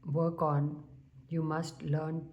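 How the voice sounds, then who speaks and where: A woman speaks in a low, mellow voice as she gives a spiritual tarot reading to her viewers. She talks calmly and unhurriedly, often pausing with a soft hum. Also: muffled recording. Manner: calm, unhurried, with soft humming pauses. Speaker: tarot reader.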